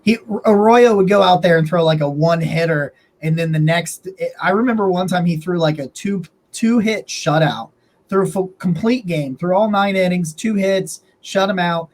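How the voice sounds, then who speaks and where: Man, podcast co-host, husky voice, chatty, laughs while talking. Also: high-pitched, normal speed. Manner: chatty, laughs through his stories, many "like" fillers. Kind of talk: casual sports chat.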